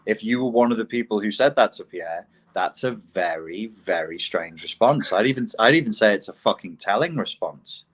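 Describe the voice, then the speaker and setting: A man's voice: on the low side, lively intonation, moderate pace, hardly any pauses. A man in casual conversation, blunt and profane, mocking opinions he disagrees with.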